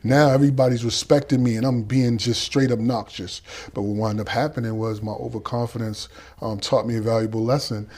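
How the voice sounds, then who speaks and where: Animated Boston man telling stories. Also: mid-range voice, a little fast. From Boston, Dorchester. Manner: animated storyteller acting out quoted voices. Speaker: guest. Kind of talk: storytelling interview.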